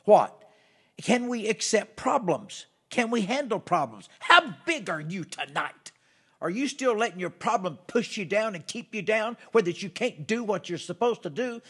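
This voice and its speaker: A man's voice: high voice, sing-song, normal speed, breathy edge. Fired-up male motivational speaker. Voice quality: emphatic, repetitive, rising to loud exhortations. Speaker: motivational speaker hosting a live broadcast. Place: theater or studio.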